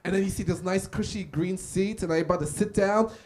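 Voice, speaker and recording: A man's voice: sits high, brisk. A man performing a live stand-up set in a small cafe, telling stories and acting out the people in them. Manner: animated, acts out characters in his stories. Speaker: stand-up comedian. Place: small cafe comedy stage.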